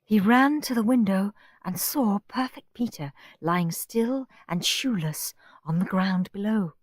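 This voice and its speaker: Expressive woman reading a children's storybook. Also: medium pitch, a little slow, no echo, clean studio sound. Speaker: audiobook narrator. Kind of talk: storybook narration.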